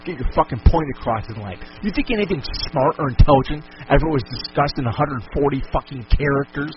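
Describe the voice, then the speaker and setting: A man's voice: fairly high pitch, brisk, muffled recording, noisy background. A man hosting a podcast, delivering an angry solo rant full of profanity and furious outbursts. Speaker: podcast host.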